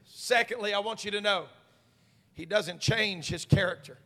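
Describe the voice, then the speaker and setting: High, bright-voiced preacher in a big church. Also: male voice, moderate pace. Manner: swings from quiet talk to shouted preaching; call-and-response with congregation. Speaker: senior pastor. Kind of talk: sermon. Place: church sanctuary. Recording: long reverb of a church hall.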